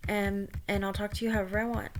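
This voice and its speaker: A swaggering, contemptuous chatbot that hurls scornful put-downs at its user, as a woman reads its replies aloud. The delivery stays at an ordinary middle pitch and is spoken plainly over a faint hiss. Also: level tone, quick pace, lightly acted. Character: hostile swaggering chatbot, contemptuous toward users.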